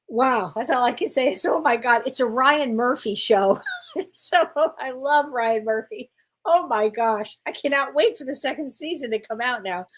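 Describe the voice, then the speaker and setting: A woman's voice: on the high side, low-quality recording. A middle-aged woman hosting a casual livestream as a spiritual medium, chatty and effusive, reading viewers' comments aloud and answering them.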